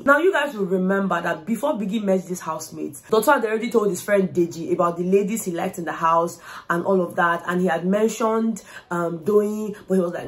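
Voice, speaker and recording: A young woman with a Nigerian accent giving an animated, casual recap of a reality show. She switches freely between English and Pidgin and acts out what people said. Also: medium pitch, brisk. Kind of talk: casual commentary.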